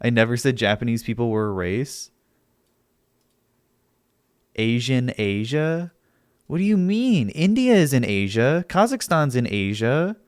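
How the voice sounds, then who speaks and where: A man's voice: medium pitch, very animated, normal speed, few pauses, no room sound, clean studio sound. A young man streaming, arguing with his chat in a sarcastic, argumentative way and laughing often. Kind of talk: casual livestream chat.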